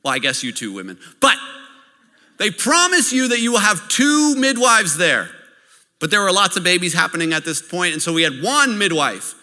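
A man preaching a sermon as a pastor. He tells stories in a lively way and keeps checking in with his listeners. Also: sits high, normal speed. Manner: lively storytelling, checks in with the audience. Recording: long hall reverb.

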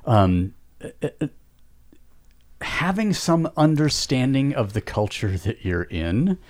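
A man in a casual podcast chat works through his thoughts with frequent pauses and fillers. His voice has a medium pitch and an easy, conversational tone. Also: big pitch swings, a little mellow. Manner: thoughtful, hesitant, many fillers. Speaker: podcast co-host.

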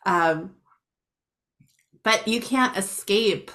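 A woman's voice: medium pitch, very slow, a bit bright. A woman in her thirties hosting a podcast, talking in a reflective, conversational way. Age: 30s. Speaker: podcast host.

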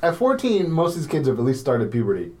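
A man's voice: on the high side, huge pitch swings, quick pace, a crowd in the background. A man co-hosting an anime podcast in casual chat, blunt and swearing freely, a little under the weather. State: sick. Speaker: podcast co-host.

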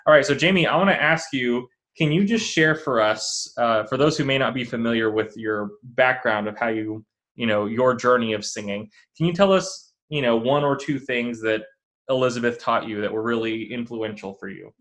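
Male host, relaxed and casual, heavy on fillers. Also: medium pitch, moderate pace. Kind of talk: casual interview and promotion.

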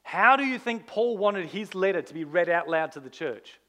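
A man, a pastor, preaching a sermon in an animated, conversational way, full of rhetorical questions. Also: sits high, moderate pace.

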